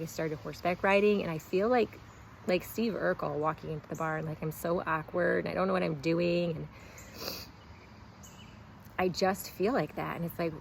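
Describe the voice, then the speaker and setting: Fortyish health coach lady chatting to camera, earnest and open, lowish voice, bit of faint noise behind. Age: 40s. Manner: earnest, candid, animated bursts of enthusiasm. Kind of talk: casual vlog talk to camera.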